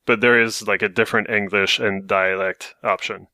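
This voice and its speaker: A man co-hosting a podcast, chatting casually and haltingly, with lots of fillers. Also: on the low side, steady tone, pushed and bright, no room sound, studio quality. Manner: halting, many fillers like "you know, like". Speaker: podcast co-host. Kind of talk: casual chat.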